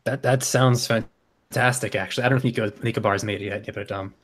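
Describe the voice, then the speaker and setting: A man's voice: lowish voice, steady tone, fast, fairly bright tone, slightly rough. A man playing a tabletop role-play game, chatting casually in a rambling way and laughing often. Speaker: player.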